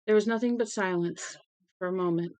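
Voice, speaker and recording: Woman, novel reader, dry close recording, middle pitch, slips and corrects herself. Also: brisk, a little mellow, no echo, rough recording. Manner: reads dialogue with emotion, small slips and self-corrections. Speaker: audiobook reader. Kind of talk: reading a novel aloud on a stream.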